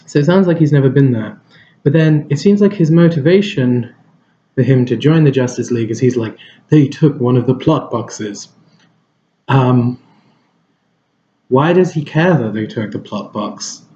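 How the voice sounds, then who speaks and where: A man's voice: mid-range voice, moderate pace, long pauses, mellow, highs cut off, a little hiss or hum. A man giving a casual film review, rambling and hesitant, with lots of fillers and restarts.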